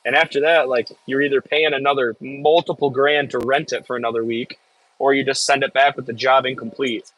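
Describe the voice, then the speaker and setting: A Midwestern farm worker streams from an excavator, reading his viewers' comments out loud and cracking jokes in casual chat. His mid-range, fairly bright voice is fairly quick with fairly even intonation, and the rough recording has no room sound.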